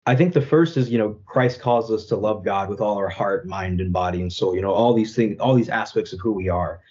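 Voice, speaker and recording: A man's voice: on the low side, a little fast, darkish tone, muffled recording. A young Catholic apologist man, speaking earnestly and thoughtfully in an interview, often adding "right?" and "you know". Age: young adult. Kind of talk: reflective interview conversation.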